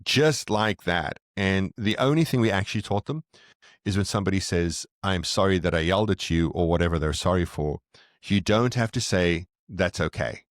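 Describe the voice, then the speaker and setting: Podcast guest: middle-aged man, very low voice, earnest and reflective, dry close sound. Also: moderate pace, no room sound. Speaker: podcast guest, parenting author. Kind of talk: conversational interview, explaining.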